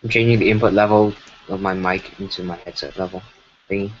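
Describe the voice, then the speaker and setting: With a low, brisk voice and fairly even intonation, a man gives casual livestream commentary as he animates. His talk wanders, self-corrects and leans on fillers; the broken computer mic sounds dull and lo-fi, with slight background noise.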